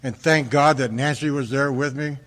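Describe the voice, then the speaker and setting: An American man from Fresno, California, giving an earnest personal testimony at a recovery meeting, halting often and repeating words as he restarts. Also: medium pitch, fairly even intonation, a bit bright. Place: large hall at a convention. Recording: reverberant hall recording.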